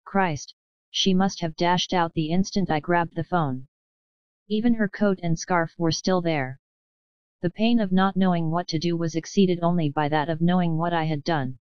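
A woman narrating a novel in the first person, in a measured storytelling manner. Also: lowish voice, steady tone, darkish tone, clear, resonant tone, dry recording, highs cut off. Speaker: audiobook narrator. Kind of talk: scripted audiobook narration.

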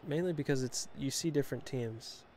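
A young man giving casual, chatty commentary while playing a football video game, talking to himself with quick exclamations. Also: medium pitch, a little mellow, slight background noise. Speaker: gaming channel host.

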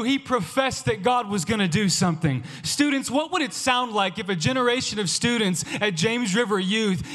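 A youth pastor preaching with a very high, bright voice and impassioned, repeated urging, dropping to hushed storytelling in between. His voice carries a long echo from a large church hall, picked up by a stage mic. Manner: impassioned, repetitive exhortation, swings from loud to hushed. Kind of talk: sermon.

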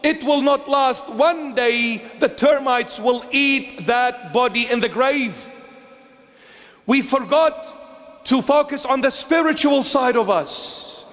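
A bishop preaching a sermon in a church, emphatic and repetitive, swinging between loud insistence and hushed low phrases. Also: male voice, slow. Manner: emphatic, repetitive, dramatic swings in pitch and loudness. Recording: long reverb of a large church.

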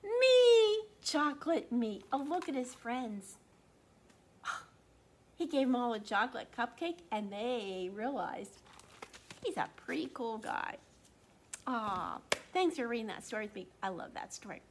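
A woman's voice: on the high side, lively intonation, slight background noise. A woman librarian reading a picture book aloud at storytime, stretching key words and asking the children questions. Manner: sing-song, drawn-out emphatic reading; asks the listening children questions.

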